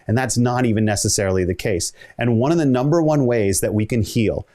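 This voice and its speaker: Guy giving a keynote speech, chatty storyteller, mid-pitched voice, acts out the quotes. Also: fairly quick, mellow. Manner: conversational, builds stories with quoted dialogue. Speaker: keynote speaker.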